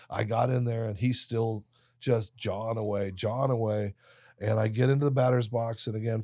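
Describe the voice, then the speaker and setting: Animated fifty-something man telling stories. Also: fairly low pitch, dry recording, studio quality. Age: 50s. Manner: animated storyteller, voices other people in his anecdotes. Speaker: podcast guest. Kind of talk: storytelling interview.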